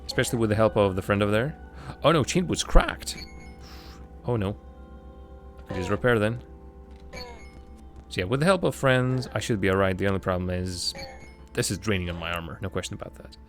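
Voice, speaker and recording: Guy streaming a game, muttering his thoughts out loud, voice bounces up and down a lot, game music clearly playing behind. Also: lowish voice, lively intonation, brisk, pauses often. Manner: muttering thoughts aloud to himself; chatty, wry asides. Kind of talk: live gameplay commentary. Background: background music.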